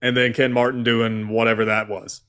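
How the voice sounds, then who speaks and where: A man's voice: medium pitch, level tone, moderate pace, a bit bright, clear, resonant tone. Blunt, cursing male political streamer. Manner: blunt, swears freely, lists points emphatically. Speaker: host. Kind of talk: casual political talk on a live stream.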